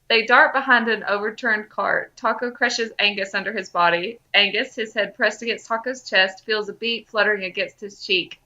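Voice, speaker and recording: A woman podcast host reading fan fiction aloud with lively expression. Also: medium pitch, moderate pace, few pauses, lo-fi sound. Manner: lively, breaks into laughter.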